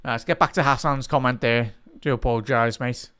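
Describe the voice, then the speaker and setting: A man hosting a live football watch-along, chatting to viewers and shouting out at goals. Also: mid-range voice, steady tone, a little fast, a little hiss or hum. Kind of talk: live match reaction and chat.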